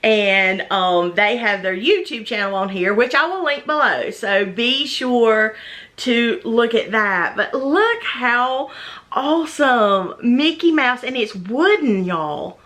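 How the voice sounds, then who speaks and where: A woman's voice: fairly high pitch, lively intonation, slow pace, fairly bright tone. A woman gushing and gasping with delight as she opens gifts in a casual unboxing vlog. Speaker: vlogger unboxing a gift box.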